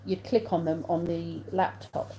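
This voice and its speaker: A woman's voice: lowish voice, steady tone, unhurried, warm tone, a little hiss or hum, poor audio. An English woman hosting a casual live stream on her phone, reading out viewer comments, answering them and laughing often. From England.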